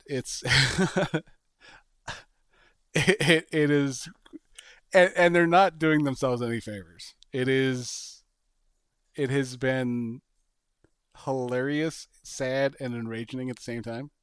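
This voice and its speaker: A man hosting a podcast, chatting casually and pitching a sketch idea with animated storytelling and bursts of laughter. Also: slow pace, pauses often, smooth, dry recording, clean studio sound. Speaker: podcast host. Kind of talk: casual chat.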